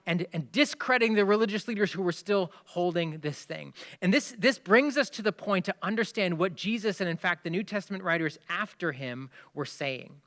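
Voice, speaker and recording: A male pastor preaching a sermon, with emphatic stresses that drop into hushed asides. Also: high voice. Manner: explains by asking listeners to pay attention.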